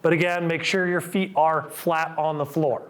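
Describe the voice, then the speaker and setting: A man's voice: a little high, steady tone, moderate pace. A middle-aged man, a physical therapist, coaching a live group through exercises with upbeat cues and counts.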